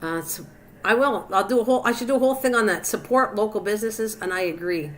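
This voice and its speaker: A woman's voice: mid-range voice, fast talker, slight background noise. An older woman hosting a cooking live stream, chatting casually and teasing her viewers by name. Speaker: cooking channel host.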